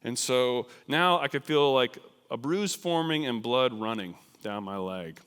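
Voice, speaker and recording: A man preaching at a church, telling a personal story in a lively, self-deprecating way with many fillers. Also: medium pitch, measured pace, smooth. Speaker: missionary speaker. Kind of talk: storytelling sermon. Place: large church sanctuary. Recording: long church reverb.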